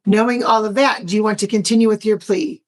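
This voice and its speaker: A woman's voice: mid-range voice, a little mellow. Formal woman judge in court. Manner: formal, measured, interrupting to clarify.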